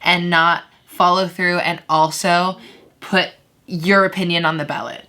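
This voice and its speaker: Bright-toned young woman co-host. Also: on the low side, level tone, measured pace. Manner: emphatic, firm opinions. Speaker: podcast co-host. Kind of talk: casual chat.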